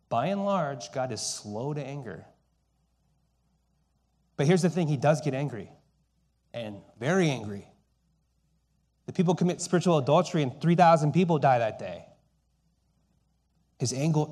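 A middle-aged man delivers a sermon with a storyteller's manner. He swings between raised, emphatic stretches and soft, hushed lines. His voice sits at an ordinary middle pitch. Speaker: pastor.

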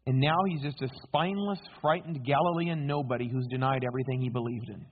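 A man's voice: medium pitch, fairly even intonation, quick pace. A male preacher giving a sermon, telling the story dramatically and posing rhetorical questions to his listeners. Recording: tinny phone-like sound.

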